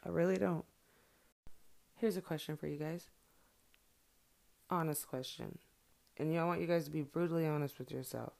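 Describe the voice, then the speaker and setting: A woman's voice: low-pitched, fairly even intonation, normal speed, creaky, pauses often, a little mellow. A woman in her thirties, a mother, talks candidly to viewers in a blunt, heated and profane monologue. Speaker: mother sharing her views.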